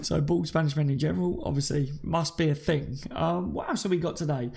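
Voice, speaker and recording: A man's voice: fairly high pitch, brisk, vocal fry, a little mellow, a little hiss or hum. A man hosting a live fan stream, chatting casually, reading out viewer comments and calling people mate and buddy. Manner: chatty and matey, calls listeners mate and buddy.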